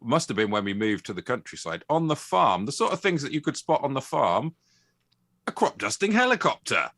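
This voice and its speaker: Man, podcast co-host, bright voice, lively swoops, playful rambling banter. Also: mid-range voice, fairly quick, dry recording, studio quality. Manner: playful, rambling, laughs often. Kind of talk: casual comedic banter.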